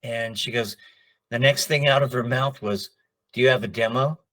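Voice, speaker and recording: A man's voice: mid-range voice, moderate pace. A middle-aged man, a voice actor, telling stories in a casual interview and acting out the people he quotes. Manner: animated, acts out quoted dialogue. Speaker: voice actor guest.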